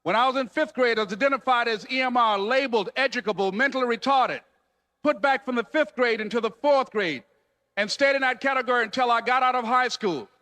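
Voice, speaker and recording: A man's voice: very high-pitched, brisk, pushed and bright. Emphatic man echoing through a hall. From United States. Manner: emphatic, repetitive preacher-like cadence. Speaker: motivational speaker. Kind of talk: motivational speech.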